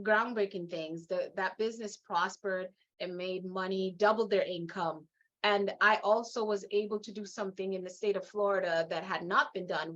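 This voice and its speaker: A middle-aged woman from Guyana with a Guyanese accent, telling her story as an interview guest in an emphatic, animated way, laughing often. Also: medium pitch, highs cut off. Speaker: guest, leadership coach.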